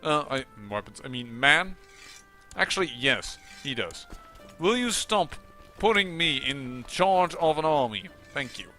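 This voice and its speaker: A man narrates his own strategy game playthrough, musing half to himself and breaking into exasperated grumbles when things go wrong. His voice sits a little high and rings bright. Soft music plays faintly under him. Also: animated, a little slow. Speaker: let's play commentator.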